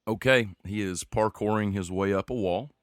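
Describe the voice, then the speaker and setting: A man's voice: lowish voice, normal speed, clean tone, no room sound, clean studio sound. A man running a tabletop game as game master, narrating the scene in a playful, teasing way.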